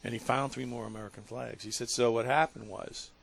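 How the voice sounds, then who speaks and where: A man hosting a talk radio show, telling a story in an earnest, emotional way with halting restarts. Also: medium pitch, fairly even intonation, creaky.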